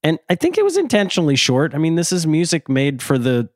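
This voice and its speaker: A man's voice: a little high, wildly swooping pitch, fast talker, no echo, clean studio sound. A man co-hosting a podcast, giving an earnest, thoughtful review of an album in casual chat and laughing easily. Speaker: podcast co-host.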